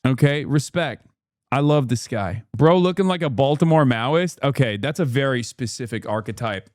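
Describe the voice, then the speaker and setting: A man's voice: mid-range voice, lively intonation, normal speed, a little mellow, no echo, clean studio sound. A man hosting a live stream, reacting to clips with casual, sarcastic, profane commentary and repeating his punchlines for effect.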